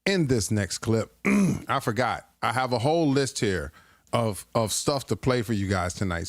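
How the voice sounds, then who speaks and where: Dry-sounding rambling stream host. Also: male voice, lowish voice, animated, moderate pace, no echo. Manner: rambling, joking, self-deprecating. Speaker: livestream host. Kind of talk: casual livestream chat reacting to clips.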